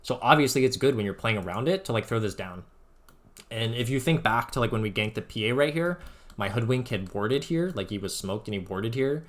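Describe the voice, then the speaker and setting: A man's voice: mid-range voice, animated, brisk, a bit bright. Rambling young man breaking down gameplay. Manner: rambling, filler-heavy, says "like" constantly. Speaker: Dota coach analyzing his own gameplay. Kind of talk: casual gameplay commentary.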